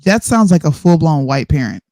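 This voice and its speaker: A woman's voice: sits low, very animated, moderate pace, mellow, no echo. A woman co-hosting a casual live-stream chat, bluntly and sarcastically reacting to parenting advice she reads aloud. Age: adult parent. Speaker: co-host. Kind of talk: casual chat, reading from an article.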